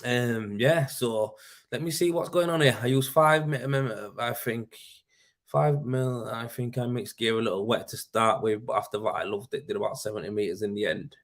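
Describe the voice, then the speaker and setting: A man's voice: medium pitch, normal speed. Male host, easygoing live-stream chatter, rambling, peppered with mate and man. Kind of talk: casual live-stream chat answering viewer comments.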